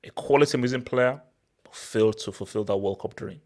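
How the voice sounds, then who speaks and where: A young man from Nigeria hosting a casual football talk, excitable and prone to repeating words as he restarts his sentences. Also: mid-range voice, a little fast. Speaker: football channel host. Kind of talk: casual football commentary monologue.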